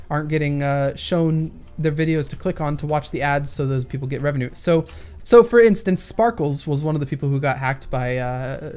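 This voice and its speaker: Playing a shooter game, a man with a slightly high, darkish voice fields questions in a loose, ranting style. The gaming YouTuber keeps starting over mid-thought and reaches for analogies when he explains.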